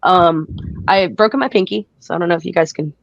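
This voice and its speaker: A woman's voice: on the low side, fairly quick, vocal fry, no room sound, lo-fi sound. A woman being interviewed about her wrestling career, telling stories casually with frequent laughs. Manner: chatty, laughs often, acts out quotes. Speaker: guest wrestler.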